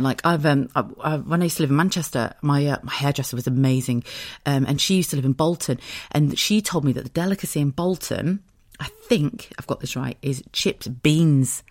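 A woman's voice: low voice, no room sound, clean studio sound. A woman in her thirties from southern England, hosting her podcast in a chatty, giggly, storytelling way. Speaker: podcast host. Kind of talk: casual chat.

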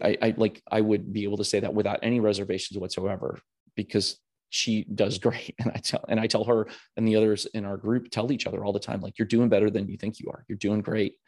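A man with a fairly low voice talks candidly in a podcast monologue. He speaks in an earnest, rambling way, often restarting his sentences. He grows animated when he quotes other people. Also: creaky, husky. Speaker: podcast host.

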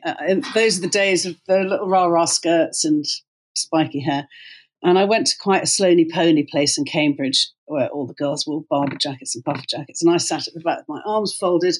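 A middle-aged woman, a company co-founder, telling her career story in an interview in an animated way, with many fillers and restarts. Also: low voice. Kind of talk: conversational storytelling.

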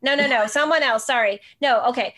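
A woman's voice: high-pitched, fairly quick, a bit bright. A woman hosting a casual podcast chat, talking in a rambling way full of fillers. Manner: rambling, many fillers like "like" and "you know". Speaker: host.

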